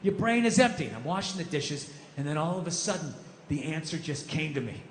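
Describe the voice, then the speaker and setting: A man performing a stand-up comedy set, ranting with lots of profanity and building up to shouted punchlines. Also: fairly high pitch, sing-song, fairly quick. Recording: live hall reverb, faint background noise.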